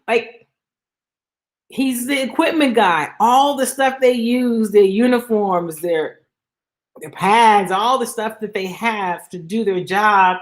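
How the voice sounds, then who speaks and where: A woman hosting a sports talk show, giving emphatic, exasperated commentary in a casual style, reading and answering listener comments. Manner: emphatic, exasperated, animated pitch jumps.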